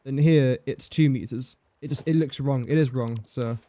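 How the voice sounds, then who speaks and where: A man's voice: mid-range voice, normal speed, mellow. A young man livestreaming a building game, chatting casually and joking at his own expense while he talks to the pieces he places. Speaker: livestreaming gamer.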